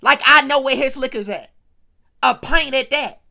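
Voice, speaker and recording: A woman voicing a bitter teenage boy from a rough home who speaks bluntly. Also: high voice, moderate pace, pushed and bright, exaggerated voice.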